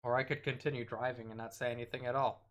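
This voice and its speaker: A man's voice: mid-range voice, little pitch movement, quick pace, fairly bright tone. A man streaming a horror game, reading its text aloud and dropping wry asides, sometimes tripping over his words.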